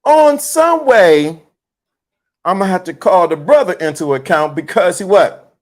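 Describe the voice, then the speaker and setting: A man's voice: high voice, brisk. A man hosting a casual livestream, talking emphatically and repeating his points while greeting viewers in the chat. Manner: animated, emphatic, repeats himself. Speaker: livestream host.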